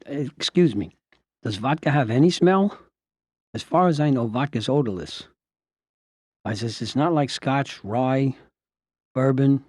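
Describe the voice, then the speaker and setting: A man's voice: mid-range voice, a little mellow, dry recording. An older man, a defense lawyer retelling a trial, acting out his cross-examination questions and the witnesses' answers with sarcastic asides. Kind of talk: anecdotal storytelling, reenacting dialogue.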